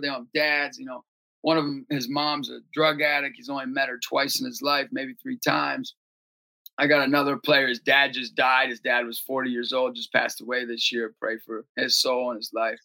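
A gravelly man with a bright, edgy tone tells his stories with great excitement. He swings between low, earnest talk and loud, high-pitched outbursts when he acts out the people in them. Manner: excitable, breaks into shouting and high acted voices in stories. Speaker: ministry leader and basketball coach. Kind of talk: animated storytelling interview.

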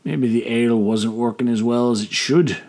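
A man's voice: mid-range voice, fairly even intonation, moderate pace, a little mellow, lightly acted. Man playing drunken old sailor, slurring, crude braggart, storybook audio. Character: drunken old male sailor, boastful and bawdy.

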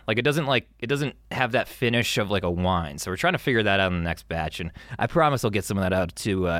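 A man's voice: low voice, fairly bright tone, no room sound, clean studio sound. A young man hosting an advice podcast in casual chat, rambling and stammering with lots of swearing. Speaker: podcast host.

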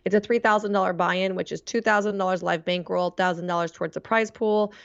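A woman's voice: fairly low pitch, fairly even intonation, a little fast, creaky, no echo, dull audio. A woman co-hosting a horse racing podcast, telling stories in a chatty way with frequent "um" and "like". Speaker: podcast co-host. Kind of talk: casual chat.

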